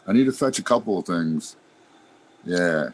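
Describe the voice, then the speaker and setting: A man's voice: sits low, expressive, moderate pace. A man chatting casually in a laid-back, rambling way, laughing often and trailing off mid-sentence. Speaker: podcast regular, worm grower. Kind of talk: casual chat.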